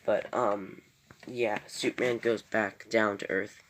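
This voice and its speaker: A man's voice: on the low side, fairly even intonation, slow, fairly bright tone, slight background noise. A man casually recapping a TV episode in a rambling way, full of fillers and self-corrections. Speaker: TV episode reviewer.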